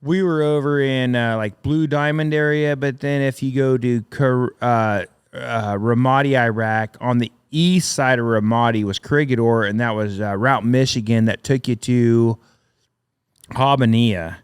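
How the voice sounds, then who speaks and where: A man's voice: medium pitch, measured pace, clear, resonant tone. A middle-aged man, a welder and military veteran, telling rambling, profane war stories with frequent laughs as a podcast guest. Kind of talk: casual storytelling.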